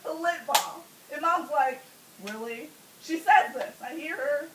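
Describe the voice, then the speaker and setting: A woman's voice: high-pitched, unhurried. A young woman telling a crude, funny story casually, often breaking into laughter mid-sentence. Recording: roomy sound from a distance with faint hiss.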